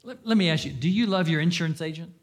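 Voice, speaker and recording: Earnest preacher man, fairly high voice. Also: expressive, fast. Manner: earnest, swings between loud emphasis and hushed confession. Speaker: pastor. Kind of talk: sermon.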